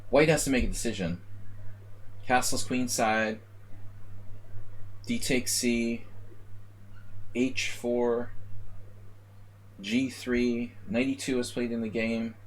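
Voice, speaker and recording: Speaking slowly in a steady, mid-range voice with long pauses and a little hiss or hum, a man streams live chess analysis. Slightly tipsy from a beer, he rambles and mocks himself while announcing moves in chess notation.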